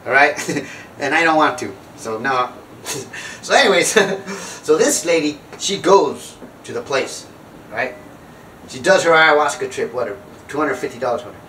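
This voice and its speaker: A man's voice: a little high, brisk, fairly bright tone, roomy sound, distant mic, a little hiss or hum, poor audio. A man telling a funny story and preaching, acting out other people in squealing voices and laughing at his own jokes. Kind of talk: comic storytelling monologue.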